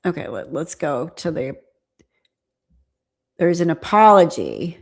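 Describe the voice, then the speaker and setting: A woman's voice: low-pitched, big pitch swings, takes it slowly. Chatty woman reacting on a live stream. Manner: chatty, amused asides. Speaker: host, former flight attendant.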